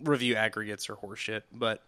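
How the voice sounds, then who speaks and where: Smooth-voiced man, casual podcast chat. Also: on the low side, steady tone, a little fast, sharp tone, no room sound. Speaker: podcast co-host. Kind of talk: casual chat reviewing TV and film.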